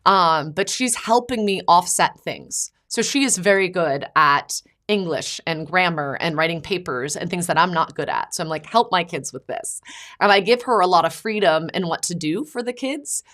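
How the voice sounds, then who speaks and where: A woman's voice: lowish voice, normal speed. Woman, thirties, podcast host, casual storytelling, quotes others in bursts. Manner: chatty storytelling, quotes her son and mother in lively bursts. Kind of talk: casual chat.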